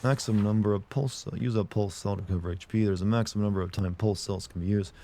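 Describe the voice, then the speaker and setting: A man with a hoarse, sick voice giving rambling, jokey commentary while streaming a game and chatting with viewers. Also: fairly low pitch, fairly even intonation, quick pace, dark tone, a little hiss or hum. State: hoarse from a sore throat. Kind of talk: casual gameplay commentary.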